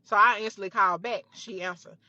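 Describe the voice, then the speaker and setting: A young woman recounts a story from her own life in a bright, forceful voice. She talks emphatically, swears freely and circles back over the same phrases. The recording is dry and a little dull. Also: mid-range voice, steady tone, fast talker, no echo. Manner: emphatic, profane, repeats phrases. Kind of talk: storytime retelling.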